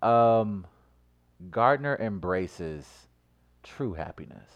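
Male co-host, lively pitch, playful mock-grand banter. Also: drawn-out words, smooth, highs cut off. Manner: playful, mock-grandiose, swings loud and soft. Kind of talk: casual banter.

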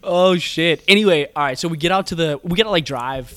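A man's voice: a little high, brisk, pushed and bright, no echo. A young man telling a long, profane, rambling story in casual chat, laughing often.

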